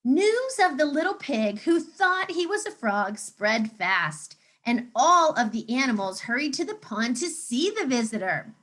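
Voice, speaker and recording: A woman teacher reading a picture book aloud to children, animated and coaxing, pausing to ask them questions. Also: sits high.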